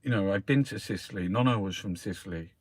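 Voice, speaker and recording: Swearing Cockney man, low voice. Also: quick pace, husky, no echo. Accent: London Cockney. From South London, England. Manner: swears constantly, calls listeners mate. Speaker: host reviewing the newspapers. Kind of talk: rambling casual monologue.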